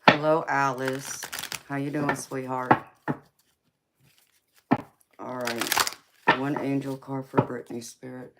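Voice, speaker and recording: A woman's voice: a bass voice, little pitch movement, slow pace, long pauses, heavy background noise. A woman with a heavy Southern American accent hosting a casual tarot livestream, sassy and teasing, laughing often and calling viewers honey and baby. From Southern United States. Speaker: tarot reader and livestream host.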